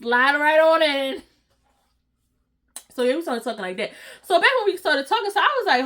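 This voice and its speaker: A woman vlogger telling a casual storytime, animated and slangy, acting out what people said and laughing often. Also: sits high, normal speed, pauses often. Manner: animated, slangy, acts out quoted voices.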